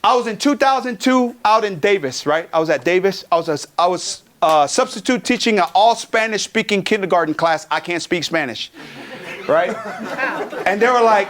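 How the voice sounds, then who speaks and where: A man from California giving a motivational keynote, energetic and profane, joking with the crowd in a conference hall. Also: sits high, normal speed. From Pomona, California. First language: Tongan. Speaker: keynote speaker.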